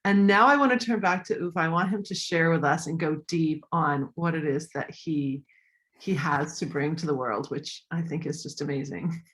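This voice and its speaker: A woman speaking as a coach in a live online session, sharing practical tips. She is animated and acts out voices to demonstrate her points. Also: low voice, normal speed. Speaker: voice and communication coach.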